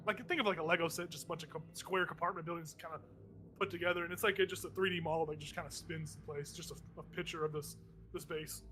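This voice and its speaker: A man's voice: on the high side, steady tone, fast talker, bright, forceful tone, a little hiss or hum. A man narrating a tabletop game as game master, rambling with many fillers.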